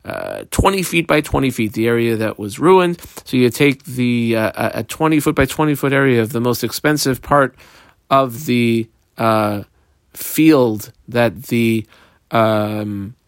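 A man's voice: measured pace, no room sound. A man teaching a Talmud lesson, reading Aramaic phrases and explaining them in English with frequent fillers. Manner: animated, lively pitch swings.

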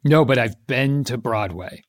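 A middle-aged man co-hosting a comedy podcast, deadpan and playfully literal. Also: mid-range voice, a little slow, no echo, clean studio sound. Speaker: podcast co-host. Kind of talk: improvised comedy podcast chat.

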